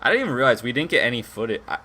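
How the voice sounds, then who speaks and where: A man co-hosting a podcast, chatting casually and reacting with animated exclamations. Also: medium pitch, very fast, slightly rough. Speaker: podcast co-host. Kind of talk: casual excited chat.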